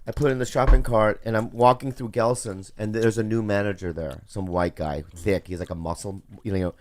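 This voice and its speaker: Animated man hosting a podcast. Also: on the low side, fairly quick. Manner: animated storytelling, swears freely. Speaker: podcast host. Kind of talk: casual podcast chat.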